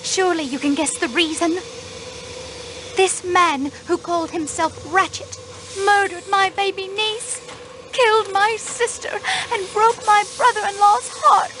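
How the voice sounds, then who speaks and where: A guarded aristocratic countess in a mystery game, clipped and reserved while hiding old grief. Her voice sits very high, light and tight. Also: fairly even intonation, a little slow, pushed and bright, a little hiss or hum, exaggerated voice. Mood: grieving. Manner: reserved, clipped, emotional when pushed. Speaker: countess under suspicion. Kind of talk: video game voice acting.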